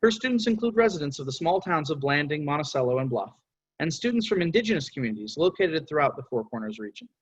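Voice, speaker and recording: A slightly high-voiced man reads a formal introduction at an even, steady pace. The sound is dry and lo-fi, dull at the top. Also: quick pace, breathy edge, dry recording. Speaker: panel moderator. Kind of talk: reading a speaker introduction.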